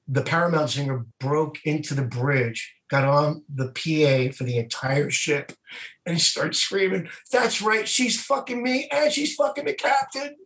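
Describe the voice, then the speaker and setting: A man from the New area, a comedian telling lively anecdotes in casual conversation. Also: mid-range voice. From New York area. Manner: animated anecdotes. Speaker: comedian guest. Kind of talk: casual storytelling.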